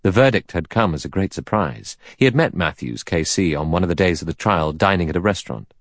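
A man narrating a novel as an audiobook in a steady, composed manner. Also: low voice, brisk, no room sound, studio quality.

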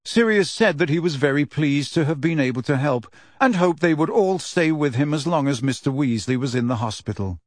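Man narrating a storybook, slightly high voice. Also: no echo, studio quality. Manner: measured, even storytelling. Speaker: audiobook narrator. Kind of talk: scripted narration.

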